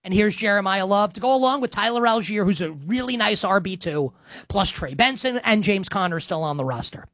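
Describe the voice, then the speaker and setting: A man giving solo football commentary in an animated, sarcastic way, now and then breaking into sung snippets. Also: high-pitched, brisk, no echo. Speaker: football analyst.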